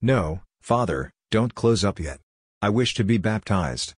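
A man voicing a male shadow spirit with a soft, musical, slow and quietly amused way of speaking. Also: lowish voice, animated, breathy edge, no room sound, studio quality. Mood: pleading.

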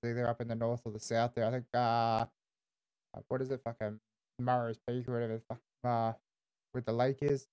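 A man's voice: medium pitch, little pitch movement, fairly quick, a little mellow, clean tone. An Australian man streaming casual in-character game roleplay, laid-back and swearing constantly, tagging "eh" onto his lines.

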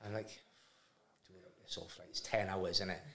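A man's voice: sits low, moderate pace. A man telling a funny travel story in casual chat, acting out the other people's voices. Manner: animated anecdote-telling with voiced impressions. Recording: roomy echo.

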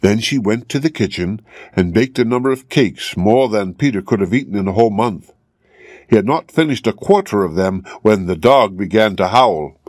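A man narrates a fairy tale for English learners in a clear, measured reading. His voice sits fairly low, and the recording is close and dry with no room sound. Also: animated, a little mellow, no echo. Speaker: storyteller.

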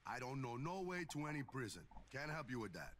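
A man's voice: medium pitch, sing-song, brisk, fairly bright tone, a little hiss or hum. An actor playing a wary male jungle guide, grave and secretive.

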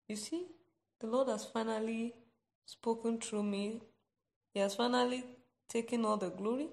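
A woman preaching on a gospel podcast and leading a prayer, speaking emphatically, repeating key phrases and bursting into loud exclamations. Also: fairly high pitch, steady tone, normal speed, vocal fry, pauses often. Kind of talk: devotional podcast sermon and prayer.

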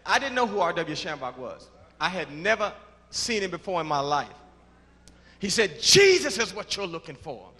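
A man giving his church testimony, halting and repeating words, then rising into shouts of praise. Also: high voice. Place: large church before a congregation. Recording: reverberant church hall with congregation.

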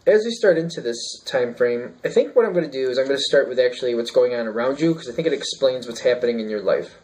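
A man's voice: medium pitch, expressive, quick pace, a little mellow, poor audio. A man giving a casual tarot reading, thinking aloud and rambling with fillers and restarts. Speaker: tarot reader.

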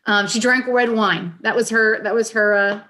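A woman's voice: a little high, fairly even intonation, moderate pace, sharp tone. Heartfelt woman in her forties. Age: 40s. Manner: earnest, heartfelt storytelling. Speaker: guest, caregiver advocate and author. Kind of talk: casual podcast conversation.

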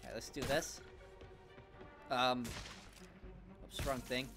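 A man's voice: mid-range voice, flat delivery, slow. A young man doing goofy let's play commentary with crude jokes. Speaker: gaming YouTuber. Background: game music.

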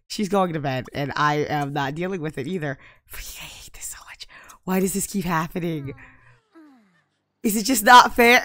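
A young woman chats through her gameplay in a bright, forceful voice that sits a little low for a woman. She sounds exasperated and now and then breaks into loud outbursts. The sound is dry and close to the mic. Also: no room sound. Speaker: gaming YouTuber. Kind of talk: casual gameplay commentary.

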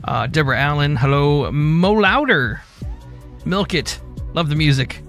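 A man hosting a game live stream, greeting chat by name in a relaxed, easygoing way. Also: on the high side, normal speed, soft background music. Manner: reads chat names in a relaxed drawl.

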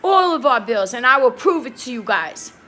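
A woman's voice: a little high, sing-song, moderate pace, pushed and bright, faint music behind. A young woman talking straight to her viewers, heated and pleading, swearing and repeating herself. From New York. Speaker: vlogger. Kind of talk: emotional talk to camera.

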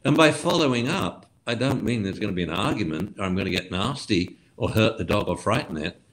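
Male trainer guest, lowish voice, animated explainer. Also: brisk. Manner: lively, acts out commands with shifts of tone. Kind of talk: explanatory interview talk.

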